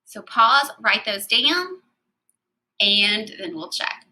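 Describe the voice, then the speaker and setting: Teacher lady going over spanish verbs, really bright voice, patient and clear. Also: fairly high pitch, expressive, takes it slowly, low-quality recording. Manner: clear, patient explaining with spelled-out letters. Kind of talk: recorded grammar lesson.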